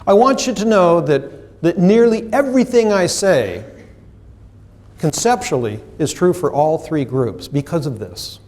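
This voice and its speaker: A man giving a live seminar lecture to a room of workers, animated and direct, teasing and quizzing the audience as he goes. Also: on the high side, measured pace. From United States. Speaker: trainer presenting a seminar.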